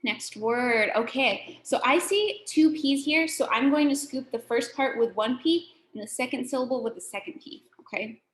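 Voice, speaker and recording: A woman teaching a children's phonics lesson, sounding out words slowly and patiently. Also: sits high.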